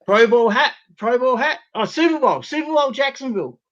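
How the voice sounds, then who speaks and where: Australian guy, high voice, rowdy and profane, dull lo-fi call audio; show regular on a video call. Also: expressive, fairly quick, noisy background. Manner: loud, rowdy, swears freely. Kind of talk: casual video call chat. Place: bedroom at home.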